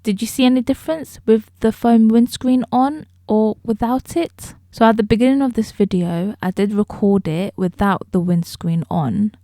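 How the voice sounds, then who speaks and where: A woman talking straight to her viewers as she reviews a microphone, explaining each feature clearly, recorded close on a studio mic in a room at home. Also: a little high, normal speed, hardly any pauses, warm tone, no room sound. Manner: explanatory, addresses viewers directly. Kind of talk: casual product review. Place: indoor room. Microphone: close studio dynamic microphone.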